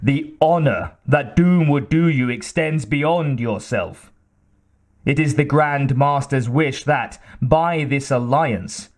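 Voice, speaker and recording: A man voicing a sinister male cult priest who speaks softly and without expression. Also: mid-range voice. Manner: soft, toneless, expressionless.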